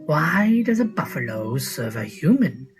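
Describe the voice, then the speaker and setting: A woman reading a folk tale aloud as a recorded story narration, slow and measured. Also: deep voice, big pitch swings, soft background music, poor audio.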